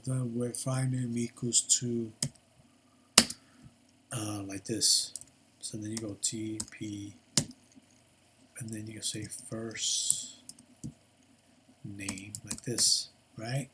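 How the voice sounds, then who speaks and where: Working at his computer, an older man gives a casual screen-recorded coding lesson, thinking aloud full of fillers and restarts. His medium-pitched voice sounds pushed and bright, and there's a little hiss or hum.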